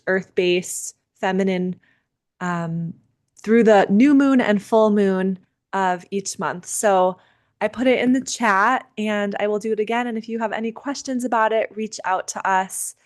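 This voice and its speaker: Gentle woman closing a video-call gathering. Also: medium pitch. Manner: gentle, unhurried, with frequent fillers and restarts. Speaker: seder leader and teacher. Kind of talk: casual talk closing a virtual gathering.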